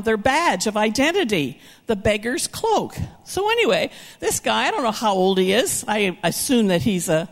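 Woman preaching animatedly in a reverberant hall. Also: a little high. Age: older. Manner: animated, acts out characters with shouts and whispers. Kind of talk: sermon storytelling.

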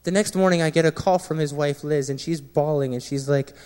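A man, a former Marine, sharing an earnest personal testimony with a gathering, often dropping quiet and low at painful moments. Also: fairly quick, clear, resonant tone. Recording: long reverb of a large hall.

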